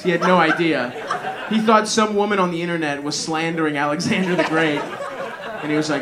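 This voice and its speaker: A young male comedian rambling through a sarcastic, self-mocking stand-up set, his voice sitting a little high. He swears freely and riffs with the crowd. A lively club audience fills the background. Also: normal speed. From Greek family.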